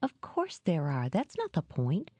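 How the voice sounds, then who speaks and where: A bubbly young woman who teases and coaxes with eager lines, as a woman reader lifts her voice for her. Her pitch swings widely and the tone is mellow and close, in a dry recording. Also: wildly swooping pitch, a little slow, husky, dry recording, full character voice. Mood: playful. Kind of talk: audiobook character reading.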